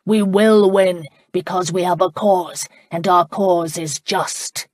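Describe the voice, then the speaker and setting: A woman's voice: on the low side, steady tone, darkish tone, no room sound, studio quality. A woman doing a lordly Scottish laird with a rolling accent. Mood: rousing. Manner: measured and lordly. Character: proud, commanding middle-aged Scottish laird, genteel.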